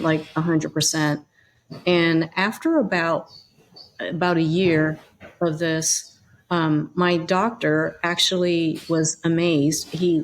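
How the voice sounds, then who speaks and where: A middle-aged woman, a podcast guest, telling her personal story in a conversational way with frequent fillers and restarts. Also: low-pitched.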